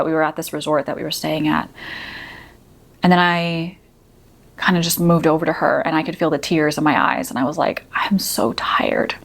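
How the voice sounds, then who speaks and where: A woman host telling a personal story in a casual, reflective way, full of "you know" and "like". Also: low-pitched. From United States. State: teary at moments. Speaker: podcast host.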